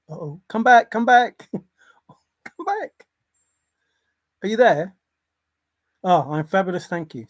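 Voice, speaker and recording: A man's voice: a little high, no echo. Rambling man on a livestream, dry sound. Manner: rambling, chuckling, apologetic. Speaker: livestream host. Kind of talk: casual livestream chat.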